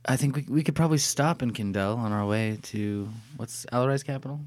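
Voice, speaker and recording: A man's voice: medium pitch, fairly quick, no echo. A man talking as a player at a tabletop game, practical and full of questions. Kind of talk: casual chat at a tabletop game.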